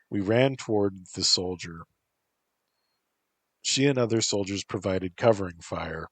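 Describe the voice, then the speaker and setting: A man reading a first-person story aloud in a deadpan, unhurried way. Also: low voice, dry recording. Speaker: narrator.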